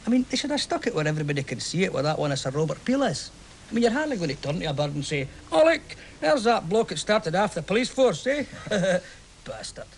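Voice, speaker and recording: An actor with a Glaswegian Scottish accent playing a chatty, romantic football fan who tells a story with lively swings into hushed tones. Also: male voice, sits high, fast talker, a little hiss or hum. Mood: warm storytelling. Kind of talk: stage play acting.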